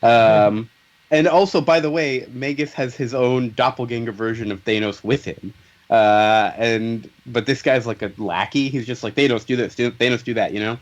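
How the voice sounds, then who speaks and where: A man's voice: mid-range voice, normal speed, lo-fi sound. A man hosting a casual comics podcast, summing up plot points in a joking, playful way and acting out lines. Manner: joking, summarizes plots with playful voiced quotes. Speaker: podcast host.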